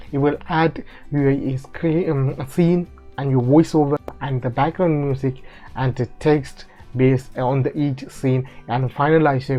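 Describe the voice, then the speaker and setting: A man hosts a casual screen-recorded tutorial on making money online, walking through it in a halting way with many ums, restarts and non-native phrasing. His voice is a bit high, and the dull lo-fi audio has faint music behind it.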